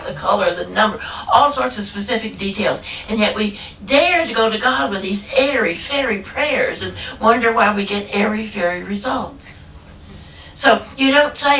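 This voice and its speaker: A woman preaching a lively, humorous sermon, stretching out her key phrases for emphasis. Her voice rings through a roomy church hall and is picked up from a distance, with a faint hum of ambience behind it. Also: a little high. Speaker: guest minister.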